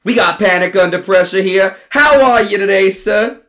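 A man voicing Ronnie, a stoned slacker podcast host who is loud, laughing and drawling. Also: on the high side, very animated, slow, voice pushed up. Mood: hyped.

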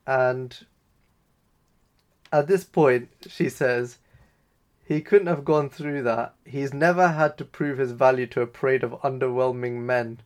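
A man's voice: mid-range voice, measured pace. A man co-hosting a talk show, casually retelling scenes and quoting dialogue loosely. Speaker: podcast co-host. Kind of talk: casual recap discussion.

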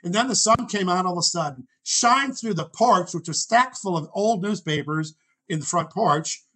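A man's voice: high voice, normal speed, bright, forceful tone, husky, poor audio. A man in his sixties, a guest telling a long personal story in conversation, rambling and correcting himself as he goes. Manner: rambling, self-correcting anecdotes; acts out quoted voices.

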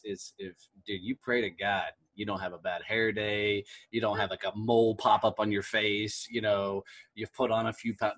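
A man hosting a podcast in a casual chat. He talks in an easygoing, laid-back way with lots of fillers. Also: lowish voice. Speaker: podcast host.

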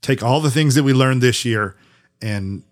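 A man's voice: medium pitch, normal speed. A man co-hosting a podcast, chatting casually and thanking listeners at the end of an episode. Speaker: podcast co-host. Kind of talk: casual podcast sign-off chat.

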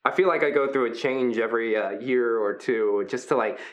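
A man voicing Brutus, a gentle triceratops brute. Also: medium pitch, fairly quick, muffled recording, natural voice. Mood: friendly. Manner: friendly, earnest, rambling pep talk. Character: huge gentle triceratops-like male arena performer.

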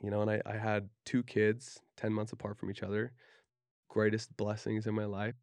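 A low, gravelly male voice from Utah, talking as a podcast guest. He is frank and profane, and he acts out the lines he and others said. The sound is close and dry, with no room in it. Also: monotone, moderate pace, a little mellow, no echo. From Utah, USA. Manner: candid, profane, acts out quoted speech. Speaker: podcast guest, tattoo artist. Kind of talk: casual storytelling interview.

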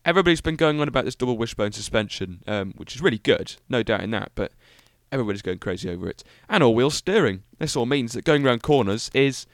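A young British man hosts his own car podcast, rambling cheerfully and filling the gaps with ums and little jokes at his own expense. His voice is smooth and clear, at a middling pitch. It is recorded close and dry, with no room sound around it. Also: animated, quick pace, few pauses, no room sound. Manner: rambling, enthusiastic, self-mocking, many fillers. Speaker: podcast host. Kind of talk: solo podcast car review.

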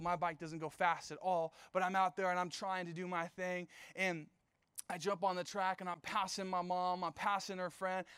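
A man's voice: sits high, fairly bright tone, clean tone, no room sound. A young man preaching as a youth pastor, casual and storytelling, with playful asides. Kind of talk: youth sermon.

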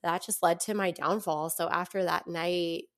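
Young woman guest on a podcast, lowish voice, rambly and chatty, laughs a lot. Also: steady tone, moderate pace. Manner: chatty, many fillers, breaks into laughs. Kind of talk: casual storytelling in an interview.

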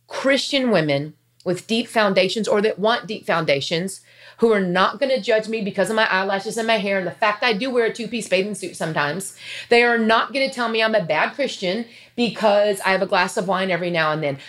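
A woman's voice: medium pitch, a little fast, fairly bright tone. Earnest, emotional woman in her fifties. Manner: earnest, emotional, chatty with asides. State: near tears. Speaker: faith vlogger. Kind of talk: heartfelt casual talk to camera.

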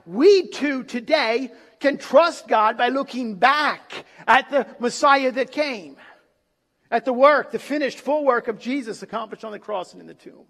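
Male preacher, slow and dramatic delivery, sermon in a reverberant sanctuary. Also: very high-pitched, a bit bright. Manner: dramatic, with pauses and acted quotes. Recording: long reverb of a large hall.

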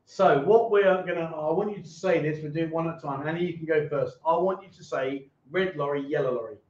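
Livestream host, fairly high voice, jokey and teasing, echoey dull sound. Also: male voice, brisk. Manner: jokey, teasing, repeats himself. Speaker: livestream chat show host. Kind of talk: casual livestream chat, reading out viewer donations.

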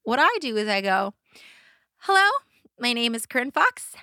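Lively, bright-voiced woman podcast host. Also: on the high side, normal speed, no room sound, clean studio sound. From Southern California. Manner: animated storyteller, acts out quotes. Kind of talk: casual chat.

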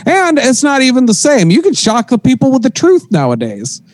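A man talking casually on a podcast, animated and profane, laughing often. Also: very high voice, normal speed, poor audio.

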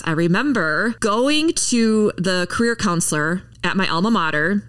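A woman's voice: lowish voice, fairly bright tone, far from the mic. A woman hosting a podcast, talking to her listeners in a chatty, encouraging way. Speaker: podcast host. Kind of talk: upbeat podcast intro monologue.

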